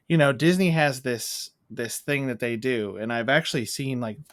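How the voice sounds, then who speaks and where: A man co-hosting a casual movie review, talking at length in a loose, animated way. His voice sits in a middle range and is recorded dry and close, with no room sound. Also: medium pitch, no echo. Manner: rambling, animated, acts out quotes. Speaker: podcast co-host.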